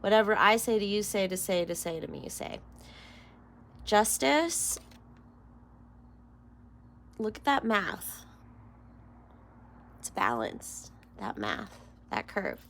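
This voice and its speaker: Woman reading tarot to camera, gravelly, lively pitch, slow, near tears, faint room noise. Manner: emotional, rambling, drops into whispers. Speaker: tarot reader.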